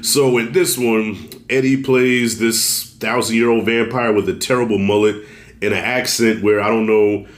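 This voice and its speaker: Male film reviewer, relaxed chatty delivery, a little under the weather, roomy echo on the voice. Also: on the low side, moderate pace. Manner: loose and conversational, swears, addresses viewers as y'all. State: fighting a cold, clears throat. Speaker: movie reviewer. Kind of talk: casual spoken film review.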